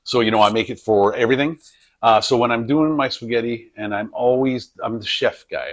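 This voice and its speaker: Working in his own kitchen, a vlogger with a medium-pitched voice keeps up a brisk, rambling, jokey chat for his home cooking channel. The audio comes from a camera on a tripod.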